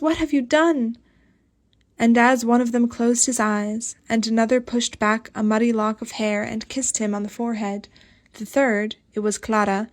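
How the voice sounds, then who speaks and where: A woman narrating an audiobook in a measured, even reading. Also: on the high side. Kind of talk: scripted narration.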